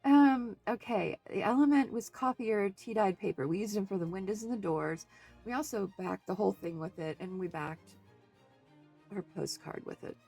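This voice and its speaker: Woman, gravelly voice, casual crafting chat, thinks out loud, fussy, faint music behind. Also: medium pitch, normal speed. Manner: chatty, thinking aloud, talks to viewers; fussy, second-guessing. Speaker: art journaling crafter.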